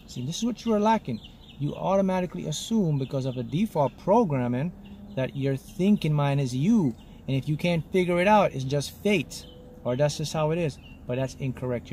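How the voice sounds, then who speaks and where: Guy doing a motivational mentor talk, warm mellow tone, punchy short lines, keeps going "okay?", bit of faint noise behind. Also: mid-range voice. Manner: emphatic, repeats "okay?" to check in; lectures in short punchy statements. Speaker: spiritual mentor.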